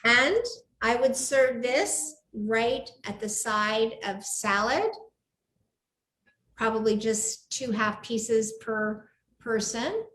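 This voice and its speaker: A woman's voice: a little high, takes it slowly, a bit bright, slight background noise. A woman hosting a live cooking show from her home kitchen, chatting with enthusiasm and gushing over the food. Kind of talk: live cooking demo chat. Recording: echoey room.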